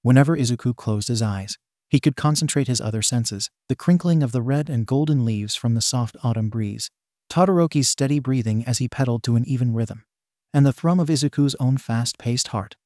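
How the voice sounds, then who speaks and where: Male fanfic narrator, steady and gentle, mellow tone, dry close sound. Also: medium pitch, brisk, no echo. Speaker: story narrator. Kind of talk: fan-fiction audiobook narration.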